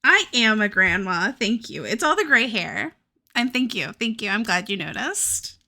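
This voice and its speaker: A woman's voice: medium pitch, big pitch swings, normal speed, sharp tone. A woman in her twenties from the American South, chatting casually with viewers as a streamer, full of "like" and swearing freely. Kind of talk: casual chat with chat.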